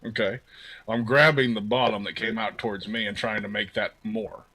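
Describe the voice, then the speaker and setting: Bright-voiced male player. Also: fairly low pitch, fairly even intonation, husky, low-quality recording. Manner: deliberate, questioning, spells out actions. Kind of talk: tabletop game play.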